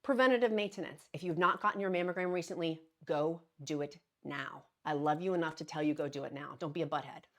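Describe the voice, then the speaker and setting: A woman's voice: sits low, fast, few pauses. A woman hosting her daily vlog, talking earnestly and encouragingly to viewers, with frequent restarts and little laughs. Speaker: vlogger hosting a daily show. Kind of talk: casual direct-to-camera vlog talk.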